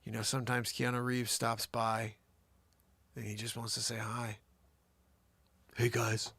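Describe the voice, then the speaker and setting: A man hosting an improvised comedy news show, rambling and joking, often dropping into low mumbles. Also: little pitch movement, normal speed, sharp tone, slightly rough, no echo.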